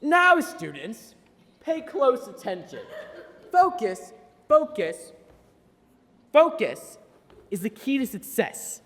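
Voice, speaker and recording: A woman's voice: fairly high pitch, big pitch swings, slow, long pauses, full character voice. A young woman acting in a school play as a strict, threatening schoolteacher who lectures and snaps orders theatrically. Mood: lecturing. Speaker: drama club student actor. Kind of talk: high school stage play. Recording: echoey auditorium, from a distance.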